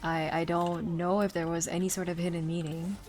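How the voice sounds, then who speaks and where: A woman's voice: fairly low pitch, level tone, fairly quick, a little mellow. Chatty rambling woman streamer. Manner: chatty, rambling, laughs often. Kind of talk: casual chat while gaming.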